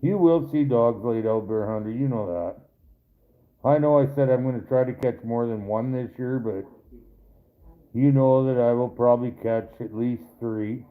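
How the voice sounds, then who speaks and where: Reading viewer chat on his live stream, a mid-range-voiced man talks in an unhurried way, rambling and cursing as he answers people directly. The recording has a thin, phone-like quality.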